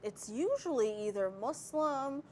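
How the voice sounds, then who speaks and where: A woman's voice: sits high, lively intonation, measured pace, darkish tone, a little hiss or hum. Laughing, self-mocking woman comedian. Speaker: comedian guest. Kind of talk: casual panel chat.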